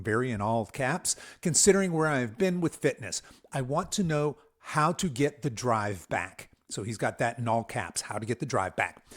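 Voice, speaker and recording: An energetic man in his sixties hosts a fitness podcast on his own. He talks in an upbeat, enthusiastic way, cheering on his listeners. His voice sits in a middle pitch. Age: 60s. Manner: upbeat, enthusiastic, hype-man shout-outs. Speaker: podcast host and fitness coach.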